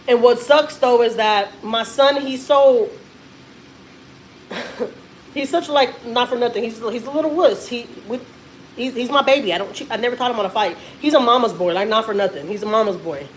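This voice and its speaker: A woman's voice: a little high, normal speed, a little hiss or hum, poor audio. A woman in her thirties from Texas, a mother telling a family story in a rambling, emphatic way on a casual live stream.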